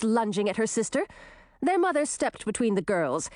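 A woman narrating a fairy tale in an expressive storytelling manner. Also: a little high, moderate pace, dry recording, clean studio sound. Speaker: audiobook narrator.

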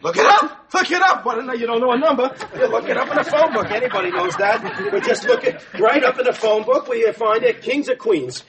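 A man's voice: extremely high pitch, lively intonation, fairly quick, hardly any pauses, crowd noise. An actor playing a frantic young husband whose wife is in labor, stammering and tripping over his words. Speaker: expectant husband. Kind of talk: sitcom acting. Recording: studio audience laughter, noisy broadcast. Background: audience laughing.

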